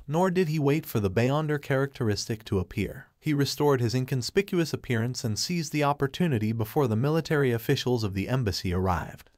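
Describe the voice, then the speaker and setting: A man narrating a fantasy novel audiobook in a steady, even storytelling manner. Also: medium pitch, no room sound, studio quality.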